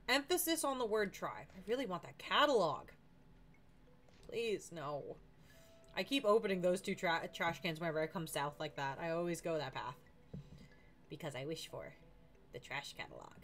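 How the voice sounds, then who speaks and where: A woman's voice: medium pitch, very animated, a little fast, fairly bright tone. A woman streamer giving casual, chatty commentary while playing a farming game, often talking to the characters.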